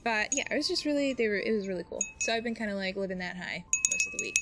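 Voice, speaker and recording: A woman's voice: medium pitch, lively intonation, rapid-fire, heavy background noise. A woman in her thirties, a mom and live streamer, chatting casually and bubbly while she plays a video game, with lots of fillers and laughs. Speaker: Twitch streamer. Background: game music.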